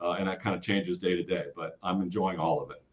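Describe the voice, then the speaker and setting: A lower-voiced man spins his stories in a rambling, lively way, doubling back on his words as he goes. The audio is dull and lo-fi, with the top end rolled off. He sounds like a guest on a casual interview show. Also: fast talker. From Kansas City area. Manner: rambling, animated storytelling with restarts. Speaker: guest storyteller and podcaster.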